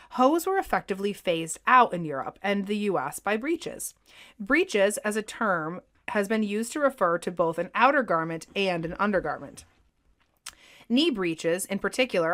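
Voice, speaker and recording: A woman co-host reads a history podcast from her script, her expressive delivery brightening at the lighter moments. She keeps to a middle pitch.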